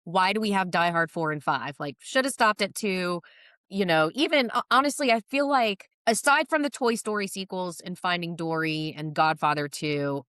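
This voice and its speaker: A woman's voice: lowish voice, moderate pace, fairly bright tone, dry recording, clean studio sound. A woman guest on a podcast, talking casually and listing her points, often checking in with "right?". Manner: chatty, lists points, uses "right?" often.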